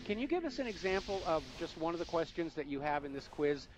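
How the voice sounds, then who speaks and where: A man's voice: on the high side, very animated, fast talker, noisy background. A man hosting a talk radio show, asking questions and cutting in with pointed remarks, often hesitating with "uh". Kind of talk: radio interview.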